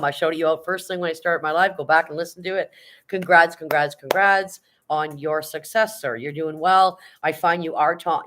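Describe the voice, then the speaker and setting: A middle-aged man hosting a livestream, reading viewers' chat messages aloud and giving upbeat shoutouts. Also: a little high. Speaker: livestream host. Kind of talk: casual live-chat shoutouts.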